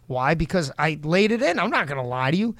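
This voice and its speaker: A man's voice: a little high, sing-song, brisk, fairly bright tone, dry recording, clean studio sound. Blunt, heated man ranting. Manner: blunt, heated, swearing, quotes others in put-on voices. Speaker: show host. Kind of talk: casual podcast rant.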